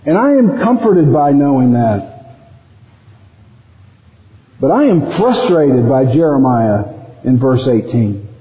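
A male pastor preaching a sermon in an animated way, acting out quoted prayers as he goes. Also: echoey room, big-room sound, highs cut off. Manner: animated, acts out quoted prayers with sudden rises in pitch.

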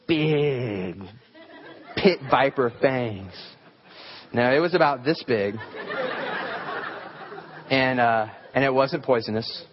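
A man's voice: mid-range voice, slow pace, long pauses, muffled recording. A man preaching a sermon, telling folksy stories with humor and lots of fillers. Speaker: pastor.

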